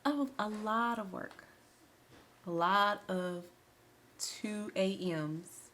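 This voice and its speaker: A woman's voice: medium pitch, extremely slow, pushed and bright. A woman, chatting casually and emotionally in a vlog from her home office, recorded by a camera on a tripod. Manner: chatty and emotional, with laughs and restarts. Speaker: vlogger.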